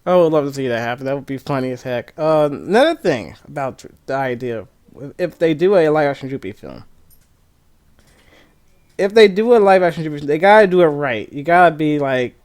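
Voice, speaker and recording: A man streamer chatting casually and excitedly, rambling with many restarts. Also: fairly high pitch, brisk, clear, resonant tone. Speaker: gaming streamer. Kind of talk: casual chat.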